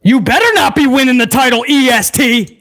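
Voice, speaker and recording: A man's voice: extremely high pitch, animated, fairly quick, a bit bright. A man hosting a live watch-along review, ranting heatedly to his chat with plenty of swearing. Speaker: host of a wrestling review show.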